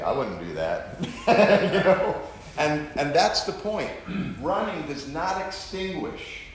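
A man's voice: on the high side, slight background noise. A man preaching an earnest Bible teaching, pressing his points with rhetorical questions. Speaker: pastor teaching. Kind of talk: sermon-style Bible teaching. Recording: echoey room.

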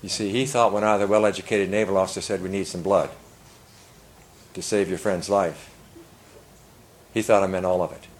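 An older man delivers a sermon in a very low voice, earnest and given to loud swells of emphasis. A faint background hum sits behind him. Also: steady tone, normal speed, long pauses, poor audio. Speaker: pastor. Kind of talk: sermon storytelling.

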